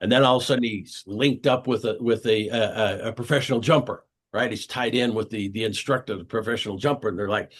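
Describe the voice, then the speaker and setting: A man's voice: on the low side, fairly quick. A man hosting a weekly video call, giving an earnest motivational talk and repeating his key phrases for emphasis.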